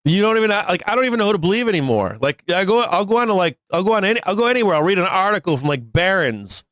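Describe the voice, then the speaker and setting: A man's voice: sits high, big pitch swings, very fast, a bit bright, dry recording. A man hosting a live stock market show, ranting bluntly with swearing, laughs and restarts. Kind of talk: casual live-stream rant.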